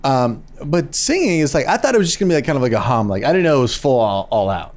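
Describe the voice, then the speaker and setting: A young man co-hosting a podcast in casual, jokey chat, animated and quick to slip into silly voices. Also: medium pitch. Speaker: podcast co-host.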